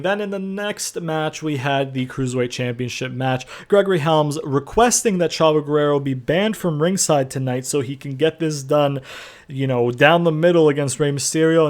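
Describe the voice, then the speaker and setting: Laid-back young man recapping a game. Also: fairly high pitch. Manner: rambling, filler-heavy, laid-back with casual swearing. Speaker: gaming video host. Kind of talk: casual game commentary recap.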